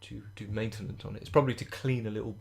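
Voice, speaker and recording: A young man, co-hosting a casual podcast and ranting in halting, drawn-out sentences. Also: lowish voice, fairly even intonation, vocal fry. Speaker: podcast co-host. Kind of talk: casual chat.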